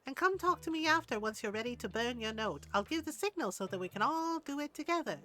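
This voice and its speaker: An older woman reading aloud the lines of a friendly villager who hosts a summer bonfire in a game, in a plain, calm voice. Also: on the high side, fast talker, faint music behind.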